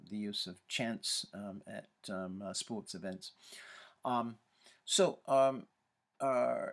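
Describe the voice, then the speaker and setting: A man's voice: on the low side, a bit bright. Hesitant male lecturer. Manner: hesitant, many ums and uhs. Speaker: university lecturer. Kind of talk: recorded lecture.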